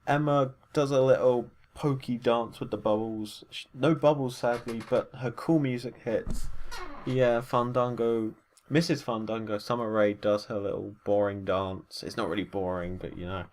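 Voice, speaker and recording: A man at a middle pitch talks through a wrestling recap in a casual, unscripted way. He rambles, stumbles over fillers and corrects himself as he goes. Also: fairly even intonation, normal speed, a little mellow. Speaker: wrestling show reviewer.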